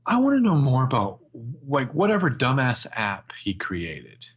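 A man's voice: medium pitch, measured pace, slightly rough. A man co-hosting a casual podcast, joking and swearing as he discusses a TV show. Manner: relaxed, jokey, swears. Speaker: podcast co-host. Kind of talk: casual chat.

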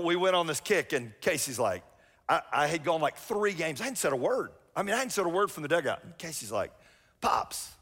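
Middle-aged pastor, higher voice. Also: male voice, a bit bright. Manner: chatty, self-mocking storytelling. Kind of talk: sermon. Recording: long reverb of a church hall.

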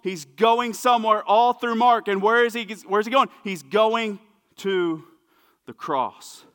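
A man preaching a sermon as pastor, emphatic and repetitive, dropping to hushed asides. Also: high-pitched, a little slow, clean tone, long reverb tail. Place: church sanctuary.

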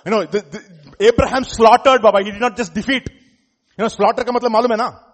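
Guy preaching, kinda high pitched and husky, laughs a lot and quizzes the church, gets loud on the big points. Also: brisk. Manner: animated preaching with laughs and sudden loud emphasis; asks the congregation questions. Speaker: pastor. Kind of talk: sermon.

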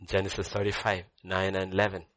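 A man preaching a sermon to a congregation in church, swinging from low murmurs to high excited cries. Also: brisk.

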